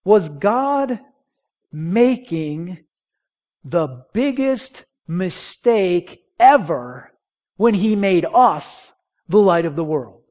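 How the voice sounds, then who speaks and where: A man's voice: high-pitched, lively intonation, very slow, a little mellow. A man preaching a sermon, conversational, asking the congregation rhetorical questions and drawing call-and-response. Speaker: pastor.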